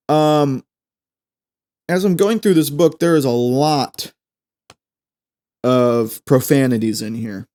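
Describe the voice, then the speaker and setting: A young man, hosting a podcast and chatting casually through a language lesson, repeating phrases slowly as he explains. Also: fairly high pitch, darkish tone. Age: 20s. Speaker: podcast host.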